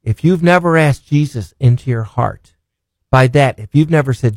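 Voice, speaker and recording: A man in a mid-range voice delivers an earnest sermon, reading scripture and pressing his points with rhetorical questions. He slows down to dwell on key phrases. The sound is dry and close, with no room in it. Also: mid-range voice, a little mellow, no echo. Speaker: preacher and broadcast host.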